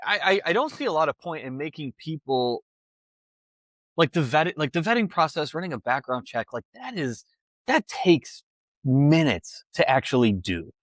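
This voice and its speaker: A man's voice: fairly high pitch, very animated, normal speed, a bit bright, dry recording. Hesitant man debating on a podcast. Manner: hesitant, many restarts and "like". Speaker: podcast co-host. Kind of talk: casual political debate.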